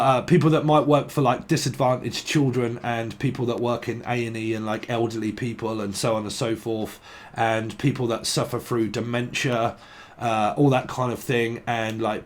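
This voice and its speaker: A man talking through a tarot reading in a loose, rambling way. He jokes, swears casually and drifts into playful chains of word associations. His voice sits at an ordinary, middle pitch. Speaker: tarot reader.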